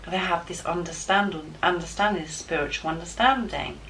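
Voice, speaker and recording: A woman giving a spiritual tarot guidance reading, excitable and enthusiastic as she talks straight to her viewers. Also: fairly low pitch, normal speed. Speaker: tarot card reader. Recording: distant mic with faint background noise.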